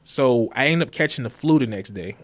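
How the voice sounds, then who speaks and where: A man's voice: medium pitch, brisk. A man in his thirties, a designer and guest, telling stories in a casual chat and acting out the dialogue. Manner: lively storyteller who acts out quoted dialogue. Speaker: guest, graphic designer and business founder.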